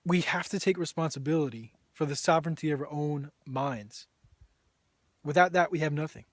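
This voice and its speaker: A man's voice: on the high side, moderate pace, no echo, clean studio sound. A man giving an earnest, preachy opinion monologue to camera, often restarting his sentences. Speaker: vegan video blogger and author.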